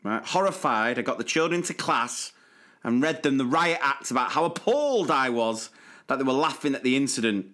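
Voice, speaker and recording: A man's voice: medium pitch, lively intonation, normal speed, fairly bright tone. A man co-hosting a podcast, chatting casually and reading listener stories aloud with playful emphasis. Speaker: podcast co-host.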